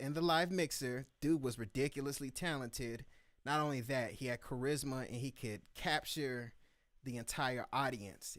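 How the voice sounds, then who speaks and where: Animated male beat-review host, dry sound. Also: medium pitch, no echo. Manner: animated storyteller acting out quotes. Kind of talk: casual livestream storytelling.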